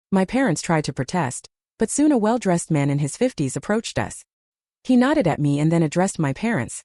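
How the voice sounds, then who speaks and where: Lively, mellow-voiced woman storyteller. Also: on the low side, moderate pace, no room sound, clean studio sound. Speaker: story narrator. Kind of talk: scripted first-person story narration.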